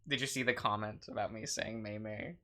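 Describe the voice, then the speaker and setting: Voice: medium pitch, fairly even intonation, a little fast, bright, forceful tone. A giggly co-host chatting casually while playing a visual novel and reading its dialogue aloud. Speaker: let's play co-host reading game text. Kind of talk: casual gameplay chat.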